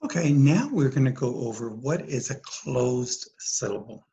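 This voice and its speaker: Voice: mid-range voice, animated, unhurried, dark tone, lo-fi sound. A teacher giving a recorded phonics lesson, speaking patiently, repeating each word and asking the listener questions. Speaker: dyslexia teacher.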